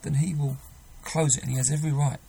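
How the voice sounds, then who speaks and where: A man's voice: a little high, fairly even intonation, fast, vocal fry, mellow, slightly rough, rough recording. A man preaching a sermon, earnest and emphatic, often restarting his sentences.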